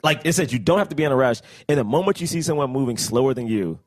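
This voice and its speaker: A man's voice: mid-range voice, expressive, a little mellow. A man co-hosting a podcast, rambling through his points in casual chat. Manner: fast, rambling, full of fillers and restarts. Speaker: podcast co-host.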